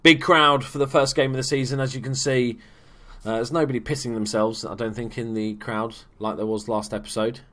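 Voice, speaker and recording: A man giving casual, chatty commentary over a football management game, swearing freely and bursting into shouts at big moments. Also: mid-range voice, fairly even intonation, brisk. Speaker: gaming YouTuber. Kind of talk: casual let's play commentary.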